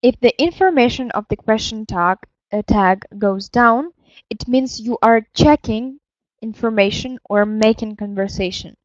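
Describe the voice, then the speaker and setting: Slow, careful woman teaching grammar. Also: a little high, dry recording, muffled recording. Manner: slow, careful explaining with fillers and self-corrections. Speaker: language teacher. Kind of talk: English grammar lesson.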